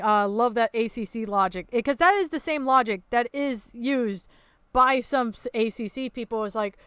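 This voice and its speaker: A woman's voice: a little high, normal speed, a bit bright, smooth, dry recording. A woman hosting a reaction commentary, ranting in a sarcastic, exasperated way and swearing freely. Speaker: commentary channel host.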